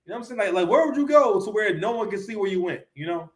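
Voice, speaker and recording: A man's voice: high-pitched, lively intonation, quick pace. A man vlogging a casual reaction to a clip, joking and rambling with lots of stammered restarts.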